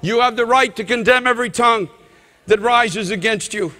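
A male pastor preaches with fervent, shouted conviction. His voice sits very high and bright, and it rings out with long reverb through a large church. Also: moderate pace. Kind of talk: sermon.

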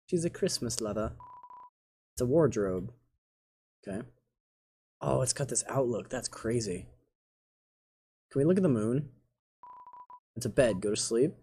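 Excitable man playing a game. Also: mid-range voice, measured pace, long pauses, a little hiss or hum. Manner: excitable, shouts reactions. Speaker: gamer. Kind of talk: let's play commentary.

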